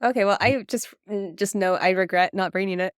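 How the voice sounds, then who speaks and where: A woman's voice: mid-range voice, fairly quick, smooth, no echo, clean studio sound. A woman playing a tabletop game, chatty and giggly. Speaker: player. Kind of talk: tabletop role-play chat.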